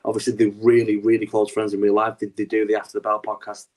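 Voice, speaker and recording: Animated rambling man on a podcast. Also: on the low side, fast. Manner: animated, rambling with many restarts and swearing. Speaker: podcast co-host. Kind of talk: casual wrestling chat.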